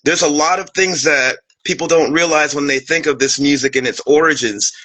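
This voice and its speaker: A man hosting an interview, excited and laughing, stumbling over his words as he introduces his guest. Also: a little high, a little fast, low-quality recording. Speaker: host.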